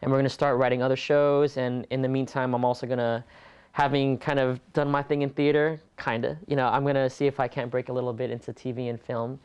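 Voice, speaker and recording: A man from California speaks as an interview guest in a smooth, resonant voice of middle pitch. He talks earnestly and with animation, and he laughs easily between his points. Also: level tone, fast, a little mellow. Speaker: interview guest, stage performer. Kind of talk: conversational interview.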